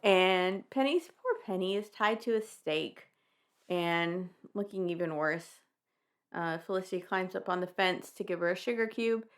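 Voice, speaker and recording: A woman's voice: fairly low pitch, normal speed, clear, resonant tone. A young woman co-hosting a podcast, casually recapping a children's book with wry, laughing asides and casual swearing. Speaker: podcast co-host.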